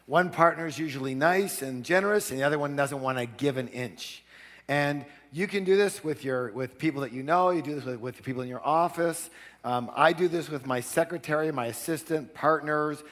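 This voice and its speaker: A man giving a live negotiation seminar, energetic and commanding, prompting the audience to answer. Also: a little high, normal speed, in a large hall.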